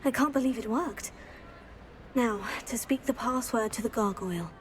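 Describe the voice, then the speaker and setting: A woman playing a hushed young student. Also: a little high, normal speed, background noise, lightly acted.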